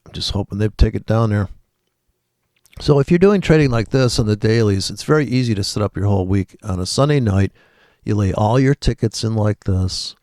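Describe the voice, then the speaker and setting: Low-voiced man rambling over charts. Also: a little fast, darkish tone, dry recording, clean studio sound. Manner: rambling, profane, thinking aloud. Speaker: trading video host. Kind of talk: casual live chart commentary.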